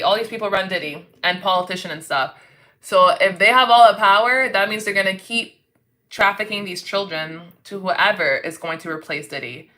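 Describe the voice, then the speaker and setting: Here a woman from Canada runs a laid-back livestream, reading out viewers' chat comments, talking with them and laughing frequently. She has a mid-range voice with a pushed, bright quality.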